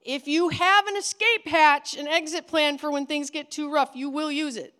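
A woman's voice: sits high, steady tone, moderate pace, pushed and bright. A woman giving an earnest, emphatic teaching talk to children's pastors in a conversational way. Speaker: ministry trainer for children's pastors.

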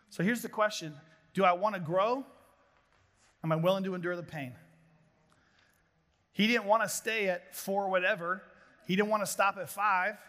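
A middle-aged man preaching a sermon to a gathering of pastors, telling animated stories with jokes. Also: high-pitched. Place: large hall before an audience of pastors. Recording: long hall reverb.

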